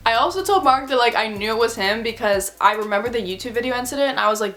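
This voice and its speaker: A woman's voice: fairly high pitch, fast talker, few pauses, fairly bright tone. A young woman telling a storytime vlog in a chatty way, saying "like" a lot and acting out what people said. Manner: chatty, heavy use of "like", acts out quotes. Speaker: YouTuber.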